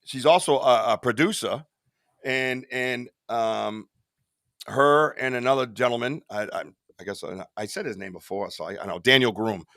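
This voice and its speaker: A man's voice: mid-range voice, normal speed, fairly bright tone, no room sound, clean studio sound. A man hosting a live podcast, chatting casually in a rambling way, swearing and laughing at his own stories. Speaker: podcast host. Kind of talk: casual live-stream chat.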